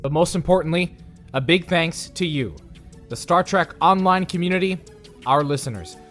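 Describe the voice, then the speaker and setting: A man's voice: a little high, normal speed, fairly bright tone, soft background music. A man co-hosting a podcast, reading promos and earnest thanks to listeners. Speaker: podcast co-host.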